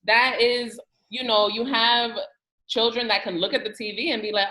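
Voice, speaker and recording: A woman with a bright, forceful voice set a little high, chatting on a podcast roundtable. She is emphatic and slangy and laughs often. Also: steady tone, moderate pace, rough recording. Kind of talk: casual roundtable chat.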